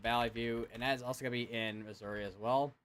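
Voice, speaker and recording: Young male storm streamer at a desk mic, mid-pitched, loose and chatty, lots of uhs, keys clicking behind. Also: fairly even intonation, fast, fairly bright tone, clean tone. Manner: casual, rambling, many fillers and restarts. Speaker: weather stream host. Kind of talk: live severe weather commentary.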